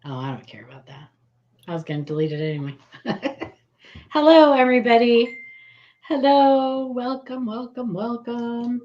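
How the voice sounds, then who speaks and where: Giggly woman hosting a live stream, high voice. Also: normal speed, muffled recording. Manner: giggly, excitable, greets viewers warmly by name. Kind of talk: casual live-stream chat.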